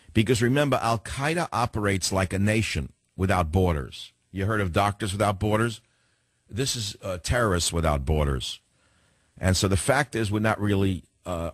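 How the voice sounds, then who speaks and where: A man with a New York accent hosting a talk radio show, delivering a fast, combative opinion monologue with lots of repetition. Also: fairly low pitch, no echo.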